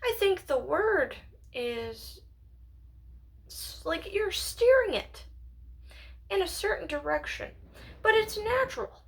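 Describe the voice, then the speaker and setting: A high-voiced woman muses aloud in a slow, unhurried ramble, her pitch swooping up and down. She slips into whispers and giggles as she wonders, talking to herself at home. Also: lively intonation, gravelly. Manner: musing, drifts into whispers and giggles. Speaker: channel owner. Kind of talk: rambling philosophical monologue.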